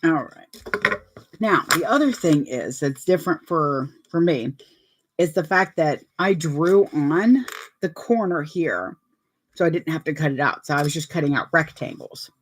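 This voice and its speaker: A woman's voice: low-pitched, animated, measured pace, husky. A woman vlogger chatting casually and telling anecdotes while talking through her sewing steps.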